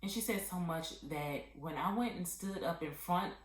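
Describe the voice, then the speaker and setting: A woman vlogger telling a candid personal testimony in a heartfelt, halting way with many pauses and fillers. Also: lowish voice, roomy sound, low-quality recording.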